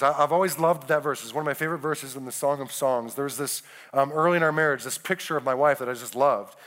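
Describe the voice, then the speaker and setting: A man's voice: fairly high pitch, a bit bright. A man preaching a sermon to married couples, earnest, often checking in with "right?" and restarting his phrases. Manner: earnest, keeps asking "right?" with quick restarts. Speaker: pastor.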